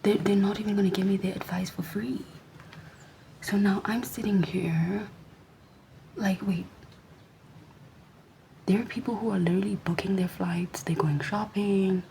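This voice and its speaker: Young woman vlogger, whispered sassy rant, mellow tone, light background hiss. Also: medium pitch, fairly even intonation, measured pace, creaky, long pauses, rough recording.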